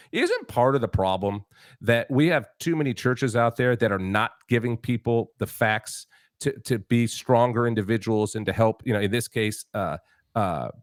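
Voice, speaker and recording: A man's voice: mid-range voice, no room sound, studio quality. A man hosting a political talk show, emphatic and preachy, full of restarts and rhetorical questions. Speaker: show host.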